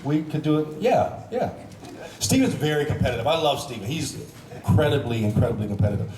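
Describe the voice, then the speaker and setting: A man's voice: a little high, brisk. Man on a convention panel, echoey hall. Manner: animated storytelling, laughing, stammering restarts. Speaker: actor, panel guest. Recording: echoey hall from far off, noisy.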